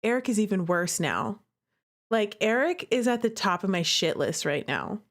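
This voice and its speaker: A woman's voice: medium pitch, very animated, normal speed. A woman streamer reading a visual novel aloud and reacting in a chatty, emotional way. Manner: emotional, chatty, indignant on the character's behalf. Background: faint guitar music.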